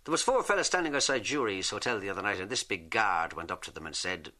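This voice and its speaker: Lively Irish man telling jokes. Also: lowish voice, quick pace, few pauses. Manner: lively storyteller, drawls punchlines. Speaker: comedian. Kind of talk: stand-up joke telling.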